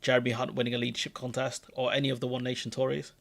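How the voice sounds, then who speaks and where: A man talks politics in a loose, opinionated way on a live stream. His voice has a gravelly edge, and it sits at an ordinary middle pitch. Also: very fast. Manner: relaxed, opinionated commentary. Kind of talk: casual political chat.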